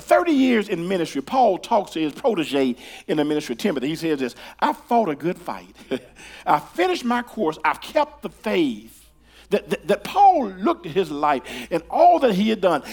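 An older man preaching a sermon in a church, talking to the congregation in a conversational way, with stammered repeated starts that swing from hushed to loud. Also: high voice. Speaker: pastor. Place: church sanctuary.

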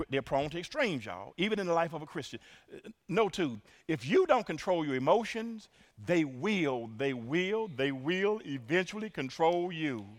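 A man preaching a sermon, stammering repeats and calling the congregation y'all, swinging from hushed lines to loud praise. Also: high-pitched. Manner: repeats words in bursts, addresses crowd as y'all.

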